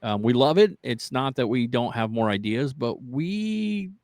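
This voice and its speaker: A man's voice: medium pitch, animated, unhurried, a little mellow, no echo, clean studio sound. A man hosting a casual podcast chat, rambling loosely and laughing often. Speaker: podcast host.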